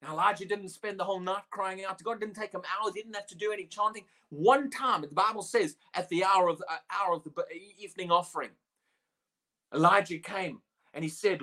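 A preacher delivering a sermon, animated and expressive, with frequent laughs. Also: medium pitch, fairly quick. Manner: animated, acts out the quoted speech in a raised voice, laughs often.

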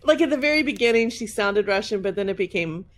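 A woman's voice: medium pitch, animated, fast. A woman co-hosting a podcast, chatting casually and recapping a movie. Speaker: podcast co-host. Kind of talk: casual chat about a movie.

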